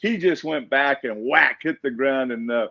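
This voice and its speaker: A man in his sixties, a former football player, telling a lively story as a guest and chuckling between lines. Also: medium pitch, normal speed, creaky. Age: 60s. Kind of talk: storytelling in a live online show. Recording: dull lo-fi audio.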